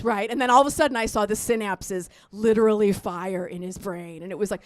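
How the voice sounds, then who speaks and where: A woman's voice: fairly high pitch, normal speed. A woman in her thirties performing a crude, chatty stand-up comedy set, checking in with the crowd again and again. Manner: animated, chatty, crude storytelling with frequent "right?" and "you know what I mean?". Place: live comedy show at a resort.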